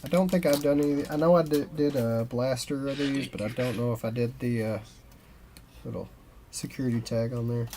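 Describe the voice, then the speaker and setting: A man's voice: medium pitch, fairly quick, mellow, slight background noise. A man co-hosting a card-opening show, chatting casually and reading player names aloud as he pulls cards. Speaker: co-host opening baseball cards.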